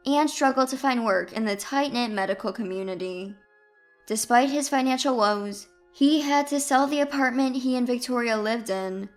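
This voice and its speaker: A woman narrates a dramatic first-person story in an even, composed manner. Her voice sits on the higher side, with soft music faintly behind her.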